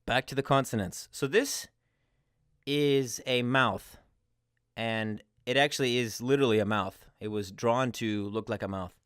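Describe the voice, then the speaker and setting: A man's voice: mid-range voice, fairly even intonation, fairly bright tone, smooth, no echo, studio quality. A man teaching pronunciation in a patient, explanatory lesson. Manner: patient, explains slowly with examples. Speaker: language teacher.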